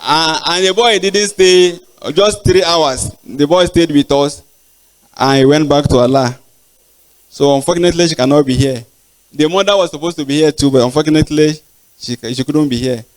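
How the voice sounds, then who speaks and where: An older man with a Nigerian accent, a professor giving thanks in a lecture, speaking haltingly with pauses and repeated words. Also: fairly high pitch. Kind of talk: acknowledgements in a formal lecture. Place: large auditorium.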